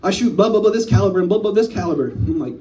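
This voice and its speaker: A man's voice: high voice, rapid-fire. A man in his thirties doing a stand-up comedy set in a small live venue, telling stories and acting out the other people's voices. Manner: animated storytelling, acting out voices. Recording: voice from a distance in a small room.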